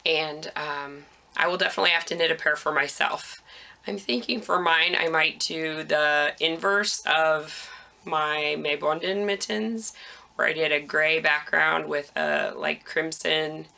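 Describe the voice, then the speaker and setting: A woman's voice: low voice, unhurried, vocal fry, pushed and bright. A woman hosting a knitting podcast, chatting casually about her projects with frequent ums, a little out of breath.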